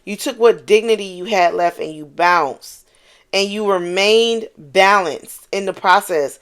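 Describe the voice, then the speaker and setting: Woman swearing, animated tarot reader. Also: mid-range voice, unhurried, smooth. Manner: animated, swears freely, exclaims and repeats lines for emphasis. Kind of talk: casual channeled tarot reading.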